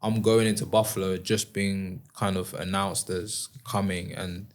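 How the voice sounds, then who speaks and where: A young man from England, telling stories in a relaxed interview with many fillers. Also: low-pitched, a little slow. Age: 20s. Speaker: guest, former rugby player. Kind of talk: casual interview chat.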